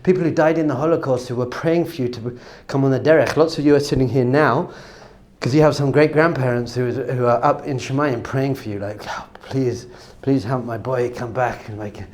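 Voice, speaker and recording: A middle-aged man teaching a Torah class, acting out cheering crowds with gasps and sudden shouts. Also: medium pitch, brisk.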